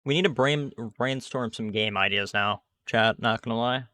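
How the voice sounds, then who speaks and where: A man's voice: medium pitch, normal speed, bright, forceful tone, dry recording, clean studio sound. A young man casually commenting on the game he is playing, rambling with lots of asides and fillers to his chat. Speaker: gaming streamer.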